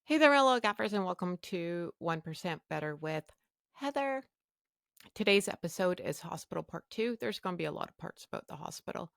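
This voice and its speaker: A woman's voice: lowish voice, lively intonation, a little fast, creaky, dry recording, clean studio sound. A woman hosting her podcast, telling a personal story frankly and bluntly, acting out the back-and-forth of conversations. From Canada. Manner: blunt, frank, acts out quoted dialogue. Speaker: podcast host.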